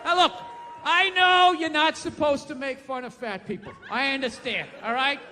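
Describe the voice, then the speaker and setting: A man doing stand-up comedy to a live audience, ranting loudly with exasperation and often shouting. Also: very high-pitched, normal speed. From United States. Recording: live venue with long reverb and faint ambience.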